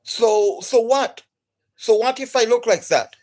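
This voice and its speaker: A woman with an accent, an energetic and enthusiastic gaming streamer chatting live to viewers. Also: a little high, a little slow. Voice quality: non-native accent.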